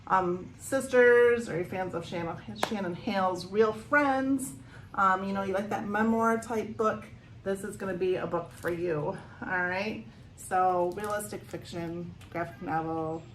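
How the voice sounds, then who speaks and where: A woman working as a youth librarian, giving a chatty, animated book talk for children from a porch at home. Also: mid-range voice, slight background noise, low-quality recording.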